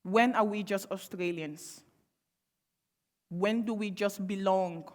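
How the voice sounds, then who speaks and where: Speaking slowly on a panel, this young woman has a medium-pitched, slightly mellow voice. Her public speech is impassioned and sarcastic, built on rhetorical questions, and the recording carries long hall reverb.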